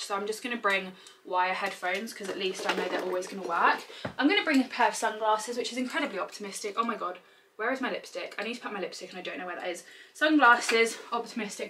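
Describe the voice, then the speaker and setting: A woman talks to her camera in a bubbly, rambling rush, with a fairly high voice. Car and street noise sits clearly under her voice. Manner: bubbly, rambling, lots of "literally" and "like". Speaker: vlogger. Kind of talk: chatty vlog talk to camera.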